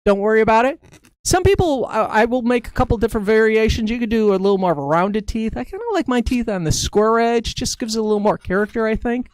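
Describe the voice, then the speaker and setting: A man's voice: high-pitched, fast talker, few pauses, clean tone, no echo. A man casually talking viewers through drawing a face on a balloon in a live-stream tutorial, narrating each step as he goes. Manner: chatty, talks through each step as he draws.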